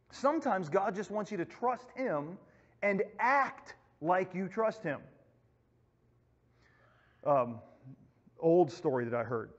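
A man, a youth pastor, teaching a casual Bible lesson and acting out the people in his stories. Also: fairly high pitch. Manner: casual, storytelling, acts out quotes. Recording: echoey hall, muffled lo-fi recording.

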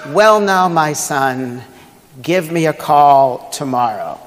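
A man's voice: fairly high pitch, animated, slow, a little hiss or hum. A pastor voicing a mild, hesitant elderly male church leader in a joke, in a reverberant church hall. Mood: announcing.

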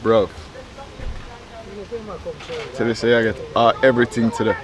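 A man's voice: on the low side, level tone, unhurried. A man hosting a food vlog, tasting dishes at an outdoor riverside cookout and describing them with frequent exclamations and appreciative hums. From Jamaica. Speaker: food vlogger host. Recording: loud crowd chatter outdoors.

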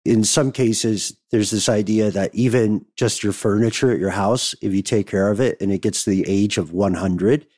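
Measured man with a dry, low voice. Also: darkish tone, no room sound. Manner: thoughtful, explanatory, measured. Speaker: podcast co-host. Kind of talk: casual podcast discussion.

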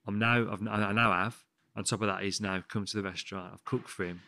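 A man in his thirties from the West Midlands, talking as a chef guest in a casual interview. He rattles along at a rapid clip in a lowish voice, swearing freely and calling everyone mate. The sound is close and dry. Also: steady tone, gravelly, sharp tone, no echo. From England, West Midlands.

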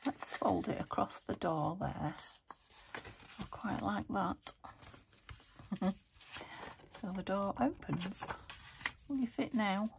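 A woman's voice: medium pitch, expressive, takes it slowly, creaky, long pauses, noisy background. A woman chatting to herself as she crafts a junk journal, muttering and talking to her materials as she works. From United Kingdom. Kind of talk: casual crafting commentary.

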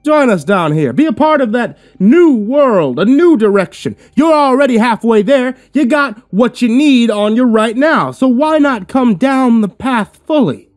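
A man voicing a sinister, persuasive male cult reverend who preaches in a booming, grandiose, taunting way, in a horror story reading. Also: expressive, measured pace, few pauses, faint music behind. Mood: preaching.

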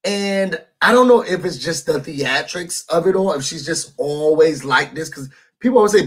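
A man with a high, husky voice gives a casual recap of a reality show. He is sassy and animated and talks straight to his viewers as y'all. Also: moderate pace. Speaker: YouTube host reviewing a reality show.

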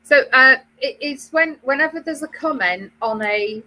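British lady rambling about knitting gear, bright forceful voice, pitched a bit high. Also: expressive, normal speed, poor audio. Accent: British English. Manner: chatty, rambling, many fillers and restarts. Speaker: co-host of a knitting web show. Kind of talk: casual chat.

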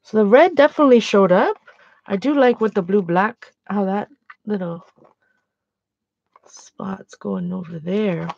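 A woman's voice: mid-range voice, a little slow, gravelly, long pauses, darkish tone. A woman chatting casually while painting, a laughing storyteller. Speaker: art vlogger. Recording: dull, dry lo-fi sound.

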